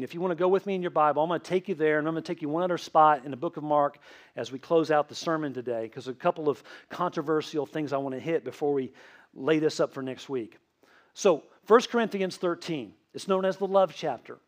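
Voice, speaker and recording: A man with a Tennessee accent, a pastor preaching a sermon who keeps quizzing the congregation. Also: on the high side. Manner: asks the congregation questions, answered with "right?". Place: church.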